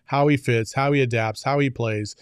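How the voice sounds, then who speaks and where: A man co-hosting a casual sports talk show, speaking in halting bursts with frequent restarts. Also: mid-range voice, fairly even intonation, clean tone, no room sound, clean studio sound. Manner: halting, restarts often, laughs easily. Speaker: co-host.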